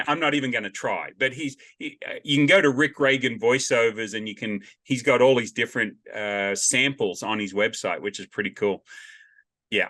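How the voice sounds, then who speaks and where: A man hosting a podcast over a video call, chatting casually and telling animated stories. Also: mid-range voice. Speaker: podcast host. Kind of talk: casual interview chat.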